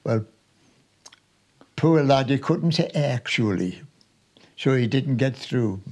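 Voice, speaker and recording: A man in his nineties from Sunderland, a war veteran recalling his wartime memories for an interviewer in an unhurried, chatty way, with small restarts. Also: medium pitch, darkish tone. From Sunderland, North East England. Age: 90s.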